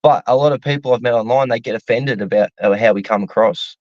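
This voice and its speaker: A man's voice: mid-range voice, fast talker, darkish tone, no room sound, muffled recording. An Australian man in casual online chat, telling a story with energy.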